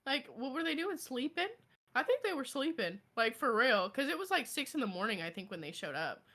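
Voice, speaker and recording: A young woman with a bright, clear-toned voice who questions things and thinks out loud in casual conversation. She talks a little higher than most women. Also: very animated. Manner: quick questioning, reasons things out aloud. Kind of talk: casual chat.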